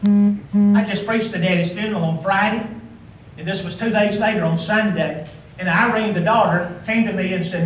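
Emphatic high-voiced preacher in an echoey hall. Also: male voice, fairly even intonation, normal speed, far from the mic, a little hiss or hum. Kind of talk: sermon. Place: large church hall.

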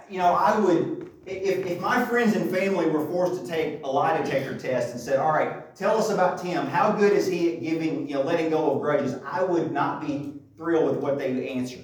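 A man preaching a sermon in a church, talking conversationally and asking rhetorical questions. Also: a little high. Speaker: pastor. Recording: very echoey, distant mic.

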